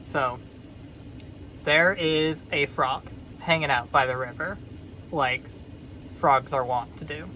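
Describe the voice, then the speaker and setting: A woman vlogger telling a fable in a casual, sardonic, rambling way with deadpan asides. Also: deep voice, slow pace, long pauses, a little hiss or hum. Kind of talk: casual storytelling commentary.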